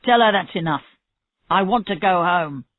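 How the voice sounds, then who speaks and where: A woman's voice: fairly low pitch, expressive, moderate pace, no room sound, close to an everyday voice. A woman reading a stubborn male murder suspect. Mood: defensive. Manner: stubborn denials, rising to angry shouts. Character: male murder suspect under police questioning, defensive. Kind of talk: reading a graded story aloud. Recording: tinny phone-like audio, dry.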